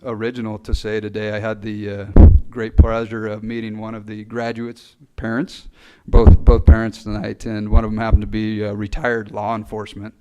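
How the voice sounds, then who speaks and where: A man giving a graduation address for fire recruits, earnest and halting, with many fillers, speaking into a podium mic. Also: lowish voice, monotone, warm tone, highs cut off. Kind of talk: ceremonial speech. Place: ceremony hall.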